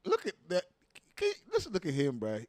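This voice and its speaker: Pitched high and talking fairly quickly, a man gives informal reaction commentary with no room sound. He's animated and swears a lot, leaning on slang and asides like "you know what I mean" again and again.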